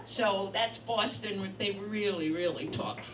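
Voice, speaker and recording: A woman's voice: mid-range voice, measured pace. A woman, doing a brash, bawdy stand-up comedy set in a bar. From Brooklyn, New York. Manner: brash, bawdy storytelling with punchlines. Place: bistro bar comedy night. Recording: echoey, distant, noisy bar room.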